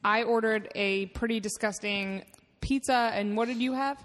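Lady cohost on a podcast, pretty high voice, dry humor, bit of long echo. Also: moderate pace. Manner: dry, corrects and teases her co-host. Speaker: podcast co-host. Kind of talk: casual comedic chat.

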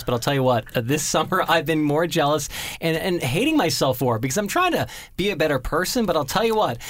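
A man's voice: medium pitch, no room sound. A man co-hosting a podcast in casual chat, joking a lot and laughing often. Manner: jokey, laughs often, goofy asides. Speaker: podcast co-host.

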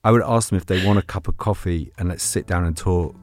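A man, a writer guest, chatting excitedly in an interview, often restarting his sentences and laughing. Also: low voice, fast. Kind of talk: animated interview chat. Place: podcast studio.

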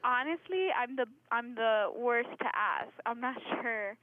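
A woman's voice: on the high side, a little slow, no room sound. A bridal shop employee, a woman, answering a call politely and sympathetically. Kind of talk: phone customer service. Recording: tinny phone line.

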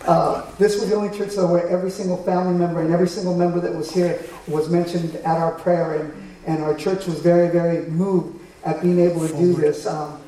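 A man's voice: a little high, little pitch movement, brisk, dark tone, very echoey, far from the mic, slight background noise, poor audio. A man casually recounting a trip in an earnest way, often stopping to restart his sentences.

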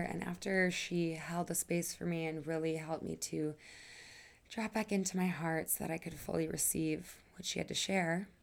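On her own podcast, a woman with a lowish, gravelly voice talks through a personal monologue. Her tone is earnest and emphatic, her phrases are drawn out, and she sighs now and then and swears offhandedly.

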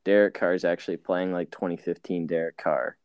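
A man with a Canadian accent and a low, deep voice, trading sports takes. His delivery is dry and offhand, with short clipped remarks. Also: level tone, fairly quick, a little mellow, smooth. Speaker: podcast co-host. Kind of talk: casual sports chat.

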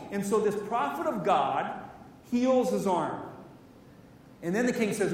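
A man preaching a sermon, telling Bible stories in a lively way and acting out the characters' lines. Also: high-pitched, a little slow, a little hiss or hum. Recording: echoey hall, voice from far off.

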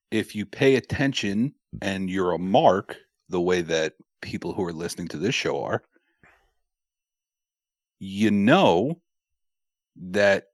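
A man co-hosting a podcast in casual chat, joking and swearing freely, quick with a wisecrack. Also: lowish voice, dry recording, studio quality. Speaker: podcast co-host.

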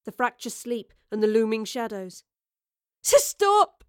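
Woman narrating a story, high and dry. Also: dry recording. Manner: measured, vivid storytelling. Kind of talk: scripted audiobook narration.

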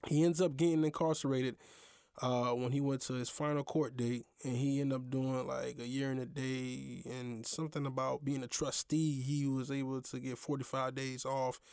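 A man's voice: medium pitch, normal speed, clean tone, dry recording, studio quality. A young man hosting his own show, telling a personal story in a loose, slangy way with lots of fillers. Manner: slangy, animated, full of fillers. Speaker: podcast host. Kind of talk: casual storytelling.

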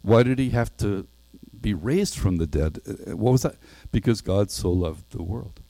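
A man's voice: on the low side, animated, measured pace, mellow, dry recording. A man preaching a sermon in an earnest way, at times reading a passage from a storybook aloud.

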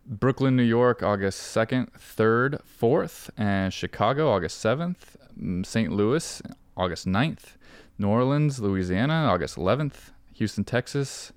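A man's voice: fairly low pitch, expressive, a little slow, clean tone, dry recording. A man, the show's producer, reading out a list hesitantly during a casual chat.

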